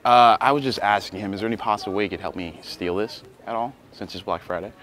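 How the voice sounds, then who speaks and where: A man's voice: fairly low pitch, fast, over music. A young man hosting a prank video, talking casually and pleading in a playful, provocative way.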